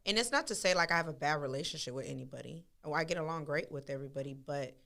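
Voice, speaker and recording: A woman's voice: low-pitched, very fast, gravelly. A woman, co-hosting a podcast in casual chat, telling stories candidly with slang. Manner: candid, animated storytelling with slang. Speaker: podcast co-host.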